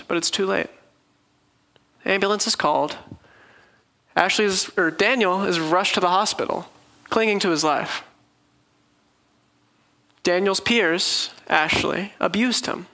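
A man's voice: high voice, bright, forceful tone, low-quality recording. A man preaching a sermon, telling the story earnestly and vividly.

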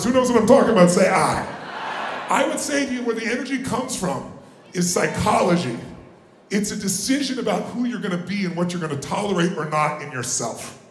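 Loud pumped-up guy revving up a crowd at a seminar, high voice, echoey room. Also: gravelly. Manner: booming, exhorting, calls for audience response. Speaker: motivational speaker. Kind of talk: live motivational seminar talk. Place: large conference room with audience. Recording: echoey live room with faint noise.

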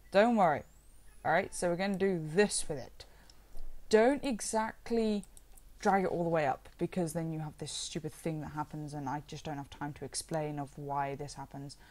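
A woman walking viewers through a software tutorial in a casual, chatty way, rambling now and then with self-deprecating asides. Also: on the low side. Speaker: modding tutorial maker.

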